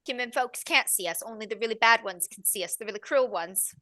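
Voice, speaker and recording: A woman's voice: fairly high pitch, a little fast, sharp tone, dry recording, clean studio sound. A woman voicing a wary, hungry little orphan girl who speaks curtly and guardedly. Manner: guarded, curt, threatening.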